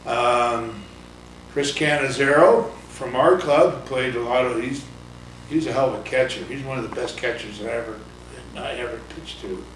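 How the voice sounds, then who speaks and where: Speaking at a normal pace in a mid-range voice, this Californian former baseball coach, now an older man, talks bluntly and meanders with fillers. It's a casual oral-history interview, recorded roomy and distant with faint ambience and slight background noise.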